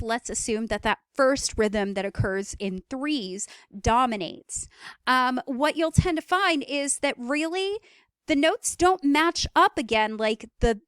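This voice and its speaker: A woman's voice: on the high side, fairly bright tone, clear, resonant tone, no room sound. A woman lecturing in an explanatory way, with frequent fillers and spoken rhythm demos. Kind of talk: recorded lecture.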